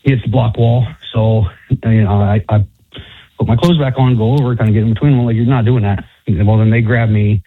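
A man as a guest on a talk show, telling his story casually and haltingly. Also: fairly low pitch, fairly even intonation, breathy edge, no room sound. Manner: halting, many fillers and restarts. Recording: tinny, dry phone-like sound.

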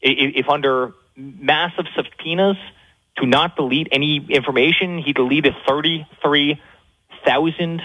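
A man talking as a guest in a fast talk-show interview, stumbling over repeated words and fillers with rising indignation. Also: a little high, fairly even intonation, breathy edge, muffled recording.

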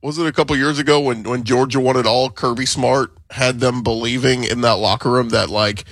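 A man's voice: mid-range voice, steady tone, brisk, fairly bright tone, dry recording, studio quality. A man co-hosting a morning sports talk radio show, speaking in a casual, wry, joking way.

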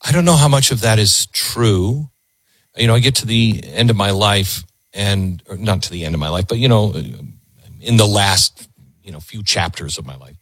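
A middle-aged man hosting a call-in radio show, reflective and halting, often repeating words as he thinks aloud. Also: lowish voice, fairly bright tone, no room sound. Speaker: radio talk show host.

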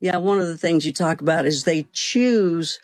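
A man's voice: on the high side, normal speed, no room sound, clean studio sound. A man interviewing a guest, asking short prompting questions.

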